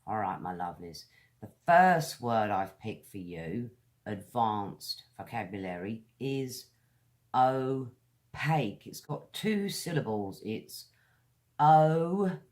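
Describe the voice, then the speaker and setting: British woman, English teacher, unhurried, stretched-out words, friendly pronunciation lesson. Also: a bass voice, sing-song. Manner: slow, deliberate, drawn-out words; friendly direct address to viewers.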